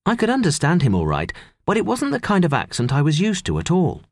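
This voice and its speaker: Male audiobook narrator, husky, lively pitch, close dry booth sound. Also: brisk, no room sound. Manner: expressive storytelling. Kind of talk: scripted narration.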